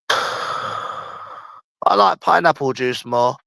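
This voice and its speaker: A man with a London accent chats on his own livestream, talking in loops and repeating lines over and over, at times stretching his words out slowly. His voice sits at a middling pitch, and the recording is close and dry with no room sound. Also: expressive, creaky, bright, forceful tone, no room sound. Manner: rambling and repetitive, often slow and drawn out, with slang and swearing. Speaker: livestream host. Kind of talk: casual livestream chat.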